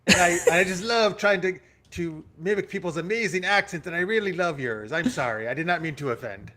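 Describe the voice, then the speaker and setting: A man's voice: high voice, fairly quick, bright, forceful tone. A man voicing an overly polite young woman adventurer who gushes and apologizes. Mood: gushing.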